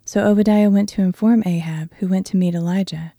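A woman reading a Bible passage aloud in a measured, earnest voice. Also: mid-range voice, steady tone, warm tone, dry recording, clean studio sound. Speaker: Bible reader.

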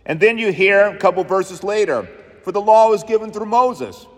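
A male pastor preaching a sermon in an emphatic, rhythmic style, leaning on repeated phrases. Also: on the high side. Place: church. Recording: long church reverb.

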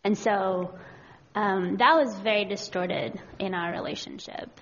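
A woman speaking earnestly in a sermon setting, frank about her own faults and using frequent fillers. Her pitch sits in a middle range. The sound is slightly dull. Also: fairly even intonation, measured pace, fairly bright tone. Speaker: church speaker. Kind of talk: personal testimony and scripture reading in a sermon.

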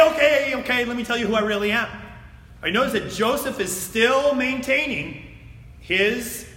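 A man preaching a sermon and reading scripture aloud, swinging between loud emphatic lines and hushed, near-whispered words. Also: very high voice. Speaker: pastor. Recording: echoey hall.

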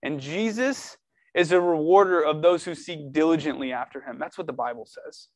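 A man preaching earnestly to a youth group, animated and casual, reading scripture and pleading with his listeners. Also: on the high side, moderate pace, no room sound, clean studio sound. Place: church room.

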